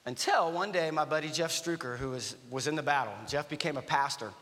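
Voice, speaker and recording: A man's voice: a little high, brisk. A man in his fifties, an army veteran giving a guest talk at a church, telling stories and acting out dialogue. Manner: animated storytelling with acted-out dialogue. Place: church auditorium. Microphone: stage microphone. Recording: reverberant church hall.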